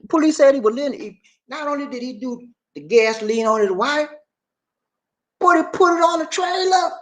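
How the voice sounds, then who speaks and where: A man hosting animated, joking commentary on a news story, talking straight to his audience and repeating himself. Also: very high voice, normal speed. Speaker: host.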